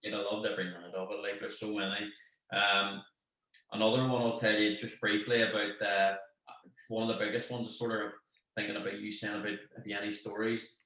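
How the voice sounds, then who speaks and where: A man with a Northern Irish accent telling a lively anecdote in casual chat, acting out what people said. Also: fairly low pitch, fairly quick. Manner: animated anecdote, acts out quoted voices. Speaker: guest, football manager. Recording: very echoey room.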